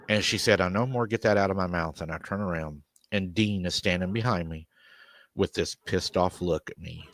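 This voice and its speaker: Low-voiced man retelling a scary story. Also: moderate pace, dry recording. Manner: retells at length, repeating "she said" constantly. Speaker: paranormal show host.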